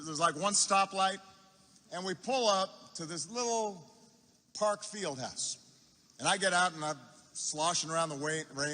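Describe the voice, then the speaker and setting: At a campaign rally in a large university arena, a male political speaker tells an unhurried anecdote in a high, bright tone. He repeats phrases deliberately for effect and restarts haltingly, with long arena reverb trailing his words.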